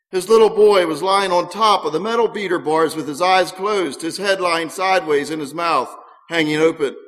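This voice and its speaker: A man's voice: fairly high pitch, a bit bright. Earnest man reading a story. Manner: earnest, with small stumbles. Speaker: narrator. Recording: long hall reverb.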